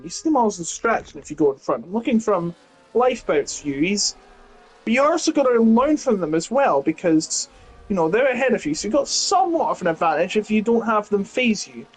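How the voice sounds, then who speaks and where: A man's voice: sits high, low-quality recording. A man doing casual colour commentary on a sim racing session, rambling and correcting himself as he talks. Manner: rambling, self-correcting, chatty.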